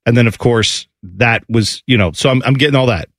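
A man's voice: mid-range voice, fairly quick, no room sound, studio quality. A man hosting a morning radio show, telling a funny family story with lots of laughter and acted-out voices.

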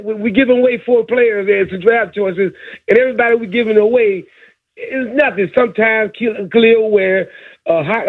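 A man phones in to a sports talk show with a notably high voice, challenging the host and repeating his questions. The call comes through a thin, tinny phone line. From Miami area. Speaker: caller.

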